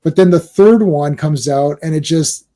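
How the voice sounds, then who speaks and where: Mellow-voiced man, emphatic chat. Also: a little high, unhurried. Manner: emphatic, acts out quotes in his retellings. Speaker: podcast co-host. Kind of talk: casual chat.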